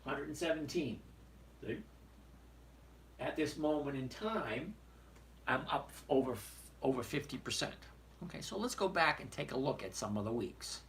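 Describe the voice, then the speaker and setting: A man's voice: mid-range voice, animated, moderate pace, pauses often, fairly bright tone, a little hiss or hum. A man hosting a live trading stream, reading viewer questions aloud and bluntly talking through numbers on his screen. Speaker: trading show host answering viewer questions. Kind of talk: casual live stream chat.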